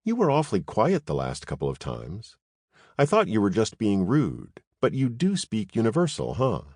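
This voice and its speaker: A man's voice: fairly low pitch, wildly swooping pitch, normal speed, a little mellow, no echo, clean studio sound, pitched above the performer's own voice. A man voicing a bold, curious young human woman who talks in a teasing, impudent, chatty way.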